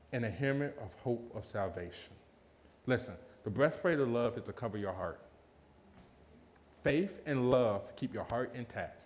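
A man preaching a lively sermon, telling a personal story and acting out quotes with laughter. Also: mid-range voice. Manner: animated, laughing, acts out quotes in a raised voice.

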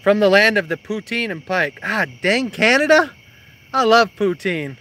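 A man's voice: sits high, lively intonation, normal speed, sharp tone. A young man hosting a fishing live stream outdoors at night, teasing his partner and reading viewer comments aloud. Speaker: fishing show host. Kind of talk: casual live-stream chat. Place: creek bank outdoors at night.

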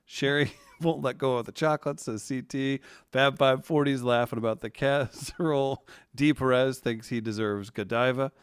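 A man's voice: mid-range voice, fairly even intonation, normal speed, hardly any pauses, clear, resonant tone, dry recording, clean studio sound. A man working as a podcast producer, reading viewer chat comments aloud with chuckling, chatty asides.

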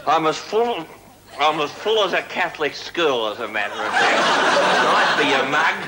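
A man's voice: fairly high pitch, animated, a little slow, crowd noise, poor audio. A man playing a drunk, crude, middle-aged Australian diplomat with a broad Australian accent, giving a pompous, rambling speech in a television comedy sketch. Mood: pompous, tipsy. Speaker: comic character monologue. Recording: old 1970s TV broadcast with hiss. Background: studio audience laughter.

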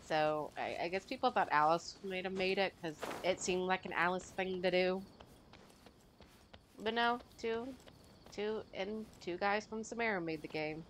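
A woman's voice: lowish voice, measured pace, slight background noise. A woman commenting casually over her gameplay, gushing and rambling with many fillers. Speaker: game streamer.

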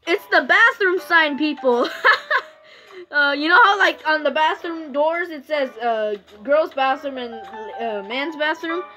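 High-pitched girl rambling through a phone game, bright voice, faint game music behind. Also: expressive, unhurried. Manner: rambling, chatty, self-interrupting with fillers. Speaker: gaming YouTuber. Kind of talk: casual let's-play commentary. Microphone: phone screen recording.

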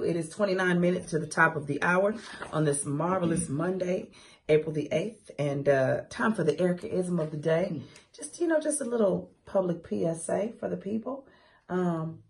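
A woman's voice: lowish voice, moderate pace. Woman, radio morning host, inspirational faith talk, emphatic and sassy. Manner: preachy, emphatic, repeats phrases for rhythm; sassy asides and laughing quips.

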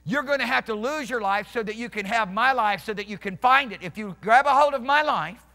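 A preacher voicing a stern, declaiming Jesus. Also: male voice, very high voice, a little fast, pushed and bright, exaggerated voice. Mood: urgent. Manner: emphatic, declaiming. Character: Jesus, stern and commanding teacher. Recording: reverberant church hall.

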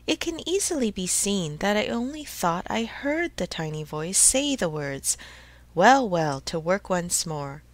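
A woman's voice: medium pitch, sing-song, unhurried, no echo. A woman doing a jittery old carpenter. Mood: muttering. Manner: muttering to himself. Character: old, red-nosed male carpenter, easily frightened.

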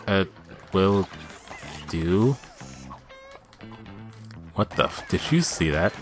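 A man doing let's play commentary, swinging between chatty self-talk and loud, swearing outbursts at the game. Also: sits low, slow pace, long pauses, faint music behind. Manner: excitable, yelling and swearing at the game.

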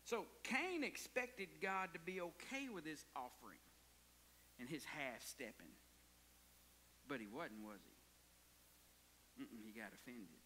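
A pastor preaching a sermon, dropping to hushed whispers and rising to hollers. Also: male voice, medium pitch, sing-song, slow, pauses often, long reverb tail, slight background noise.

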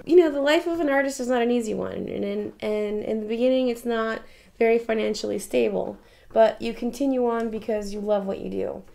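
Female painter, documentary interview, slightly high pitch, candid, emotional delivery. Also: brisk, vocal fry, warm tone. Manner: candid and emotional, swears casually, laughs often. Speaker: painter interviewed about her life.

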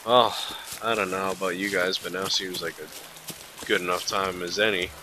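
Sleepy low-voiced man muttering commentary. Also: fairly even intonation, moderate pace, noisy background. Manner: sleepy, muttering, swears under breath. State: tired. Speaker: let's play host. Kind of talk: casual gameplay commentary.

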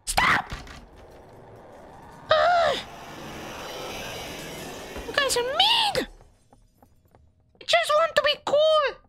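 A man voicing a whiny, bratty little boy who speaks in childish broken grammar and yells often during game commentary. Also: very high-pitched, lively intonation, drawn-out words, long pauses, slight background noise, full character voice. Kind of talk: in-character gaming commentary.

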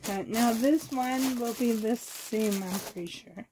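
A woman's voice: a little high, unhurried, background noise. A woman with a Canadian accent, chatting casually while unboxing, gushing, giggly and rambling. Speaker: reborn doll vlogger.

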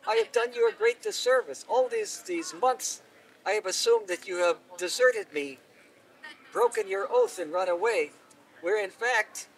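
A man's voice: sits high, big pitch swings, a little slow, long pauses, exaggerated voice. A man voicing a just, commanding king who speaks in formal courtly phrases, recorded from a distance outdoors. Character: stately middle-aged male king, just and commanding.

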